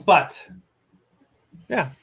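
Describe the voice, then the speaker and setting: A man's voice: drawn-out words, crowd noise. A man from New Hampshire with a New England accent, co-hosting a casual live stream and rambling loosely over a beer. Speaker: podcast co-host.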